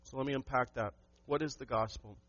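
A man's voice: medium pitch, a little fast, fairly bright tone, no echo, lo-fi sound. A man preaching a sermon to his church, emphatic and asking the congregation questions. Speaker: pastor.

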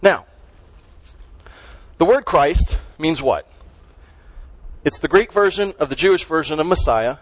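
A man's voice: fairly high pitch, expressive, a little slow, long pauses, no echo, poor audio. A man preaching a sermon as pastor, conversational and emphatic, full of rhetorical questions.

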